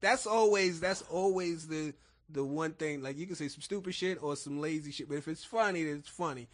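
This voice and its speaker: A man's voice: fairly high pitch, brisk. A man in his thirties, a podcast guest, talking in a slangy, laid-back and profane way. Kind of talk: casual chat.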